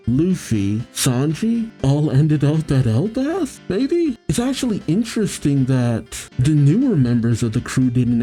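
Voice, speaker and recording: A man hosting a manga reaction, reading the story aloud and breaking off into chatty, animated commentary. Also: mid-range voice.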